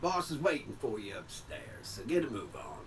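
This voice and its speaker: A man's voice: medium pitch, sing-song, normal speed, natural voice. A man voicing a folksy male cowboy robot doorman with a friendly drawl. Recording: game audio under noisy gameplay.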